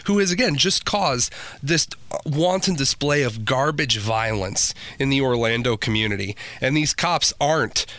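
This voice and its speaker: Bright-voiced, scornful male radio co-host. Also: mid-range voice, expressive, moderate pace, no room sound. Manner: scornful, emphatic. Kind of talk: opinionated talk radio.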